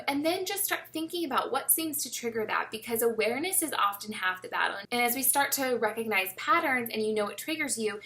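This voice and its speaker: A young woman talking casually to camera, giving chatty, encouraging advice on coping with stress. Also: fairly high pitch. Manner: warm, encouraging, chatty with many fillers. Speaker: fitness vlogger.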